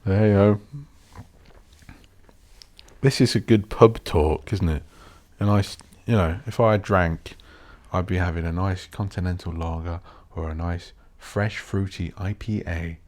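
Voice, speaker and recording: A man with a very low voice, hosting his own podcast alone. He rambles and thinks out loud in a blunt, sweary, offhand way. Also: steady tone, a little slow. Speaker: podcast host. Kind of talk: rambling solo podcast monologue.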